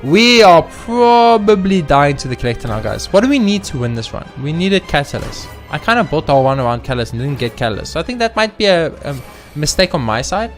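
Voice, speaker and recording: A man's voice: on the high side, brisk, hardly any pauses, soft background music. A man hosting a let's play video, commenting casually on his game, cheering, swearing and talking to the enemies. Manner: excitable, swears, talks to the game. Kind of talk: gaming commentary.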